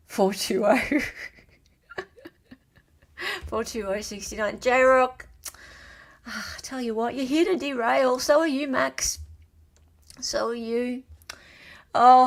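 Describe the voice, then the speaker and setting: Australian woman, live-stream quiz host, high voice, unhurried and playful delivery. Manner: playful and chatty, reading out multiple-choice answers.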